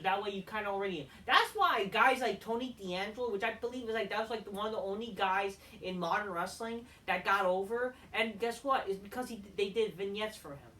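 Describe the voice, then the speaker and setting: A woman's voice: mid-range voice, fairly bright tone. A woman heatedly ranting as a wrestling show reviewer, swearing often and rambling between points. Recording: voice a bit far from the mic.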